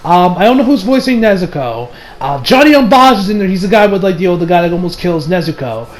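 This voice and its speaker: A man's voice: high-pitched, low-quality recording. A young man casually recapping an anime episode, rambling with lots of fillers and laughs. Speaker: anime reviewer.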